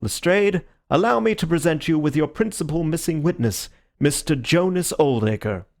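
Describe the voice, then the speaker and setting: A man voicing a calm, theatrical gentleman detective with a measured, courteous manner, in an audiobook reading. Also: fairly high pitch, pitched above the performer's own voice.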